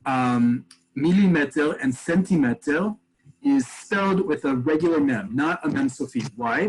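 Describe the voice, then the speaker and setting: Man, husky, webinar teacher, video call, step-by-step explaining. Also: fairly high pitch, poor audio. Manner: explains step by step, answers chat questions. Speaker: Hebrew teacher.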